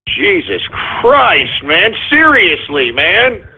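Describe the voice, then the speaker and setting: A man hosting a comedic call-in radio show, ranting frantically, swearing and shouting apologies over and over. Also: high-pitched, wildly swooping pitch, very slow, a little hiss or hum. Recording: tinny phone-like audio.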